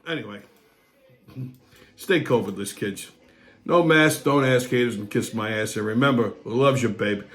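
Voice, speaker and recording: A man's voice: mid-range voice, normal speed, pauses often. A man hosting a comedy show, delivering a crude, brash rant full of swearing and mock outrage. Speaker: show host.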